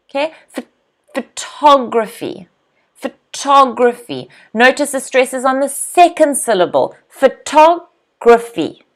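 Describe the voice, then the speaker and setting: Woman, English teacher; slow, deliberate delivery, bright animated drills. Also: on the high side. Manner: animated, clearly drills pronunciation, laughs often. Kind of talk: live online English lesson.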